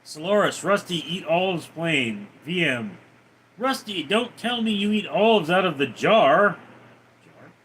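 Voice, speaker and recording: A man on a casual livestream, going through viewer comments one by one and answering them with teasing, crude jokes. His voice sits a bit high for a man and swings widely in pitch, but he takes his time and speaks slowly. A faint hum of ambient noise sits underneath him. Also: expressive, a bit bright. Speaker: livestream host.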